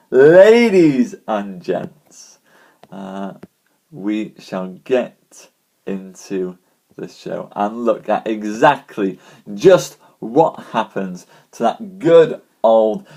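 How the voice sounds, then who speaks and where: A man with a scratchy, hoarse throat and a lowish, warm voice chats slowly and casually with his live-stream viewers before launching into a story. He greets them by name and calls them ladies and gents.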